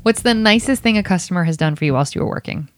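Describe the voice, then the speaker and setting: A woman hosting a podcast interview, asking questions and cutting in with quick jokes. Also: fairly low pitch, animated, loud music behind the voice. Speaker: podcast host. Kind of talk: casual interview chat.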